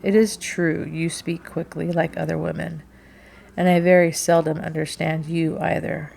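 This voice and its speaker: A woman's voice: low-pitched, flat delivery, normal speed, gravelly, darkish tone, slight background noise. A woman reading the part of a guarded male sea captain who is blunt and easily exasperated in an audiobook. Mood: reflective.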